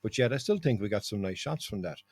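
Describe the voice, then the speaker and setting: A man's voice: on the low side, fast, no room sound, clean studio sound. Irish man telling trip stories. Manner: storytelling, animated, laughs often. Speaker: podcast host. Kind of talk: casual chat.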